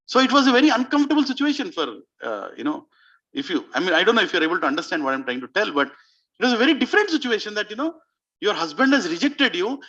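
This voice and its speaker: A man preaching a devotional story, his fairly high voice leaping animatedly with emphatic questions to the room. The tone is bright and forceful, and the recording sounds dull and lo-fi. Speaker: spiritual speaker. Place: community clubhouse hall before an audience.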